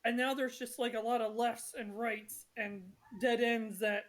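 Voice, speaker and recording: A woman's voice: on the high side, fairly even intonation, unhurried. A woman narrating a tabletop game session as game master, chatty and apologetic with many fillers.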